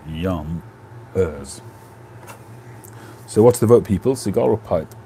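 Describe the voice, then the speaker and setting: A man's voice: low-pitched, lively intonation, slow pace, dark tone, slight background noise. A man hosting a casual live stream from home on a phone, chatting and answering viewers' comments.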